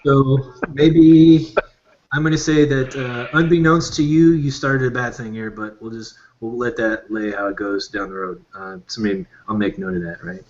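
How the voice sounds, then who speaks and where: A man's voice: medium pitch, steady tone, moderate pace, darkish tone. A man running a tabletop game as game master, narrating casually with a lot of fillers. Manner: casual, rambling, many fillers. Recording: dull lo-fi recording.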